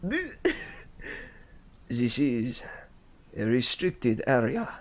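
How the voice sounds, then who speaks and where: A man voicing a pompous male demigod with a put-on, bad French accent, speaking slowly and smugly. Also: mid-range voice, wildly swooping pitch, full character voice. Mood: haughty. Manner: slow, smug, drawn-out delivery.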